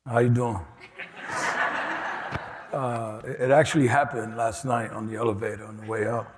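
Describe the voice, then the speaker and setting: A man's voice: medium pitch, little pitch movement, moderate pace, noisy background. Man, new york accent, keynote speech, casual and personal, long hall reverb. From New York City. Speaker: keynote speaker. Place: large conference hall.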